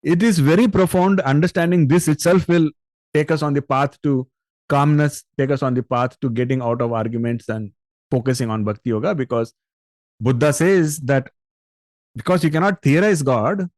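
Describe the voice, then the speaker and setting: A man's voice: a little high, normal speed, darkish tone, dry recording, clean studio sound. A man giving a spiritual discourse on scripture, explaining patiently and turning to his listeners with rhetorical questions. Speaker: spiritual teacher.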